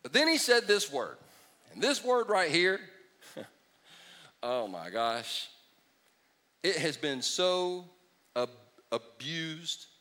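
A middle-aged man preaching a sermon in an animated, joking way, acting out mocking impressions. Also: on the high side, slow pace, pauses often. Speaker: pastor.

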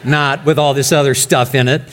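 A male pastor preaching a sermon emphatically, his voice rising loud and dropping to a hush. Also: medium pitch, fairly even intonation, brisk. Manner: emphatic, swinging between loud and hushed.

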